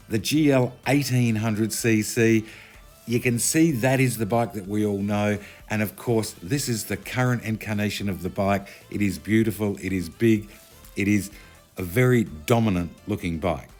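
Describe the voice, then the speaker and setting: A man's voice: on the low side, a little mellow. A man, chatting casually as he narrates a motorcycle review video. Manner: chatty, conversational, self-correcting.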